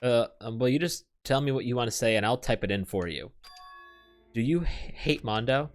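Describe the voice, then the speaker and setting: A man's voice: medium pitch, moderate pace. A man streaming, reading a visual novel aloud with sarcastic, swearing asides.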